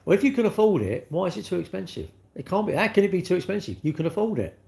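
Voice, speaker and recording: A man's voice: high voice, sing-song, quick pace, vocal fry, dark tone. A middle-aged man, hosting a casual live stream, chatting and ranting in a rambling way with lots of rhetorical questions. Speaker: livestream host. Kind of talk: casual live-stream chat reading comments.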